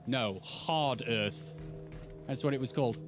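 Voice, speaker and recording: A man's voice: medium pitch, measured pace, music in the background. A man in his thirties doing live gameplay commentary, bantering playfully and teasing his chat. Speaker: streamer.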